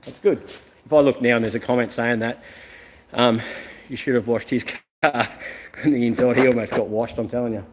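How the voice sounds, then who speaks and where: A man's voice: mid-range voice, fairly even intonation, normal speed, pauses often. Blunt rambling Australian man. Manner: blunt, rambling, swears freely. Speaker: vlogger and car yard owner. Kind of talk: casual rambling chat to viewers.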